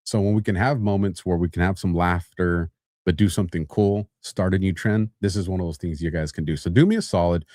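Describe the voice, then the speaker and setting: A man hosting a podcast, telling a lively office story as a sponsor read, laughing often and building to mock outrage. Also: low voice, fairly quick, no echo, studio quality. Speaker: podcast host.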